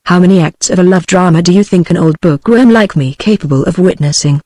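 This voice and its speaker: A synthetic woman's voice with a British accent, reading the lines of a kindly, brisk old male priest in a text-to-speech audiobook. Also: lowish voice, dark tone, no echo, close to an everyday voice. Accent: British English.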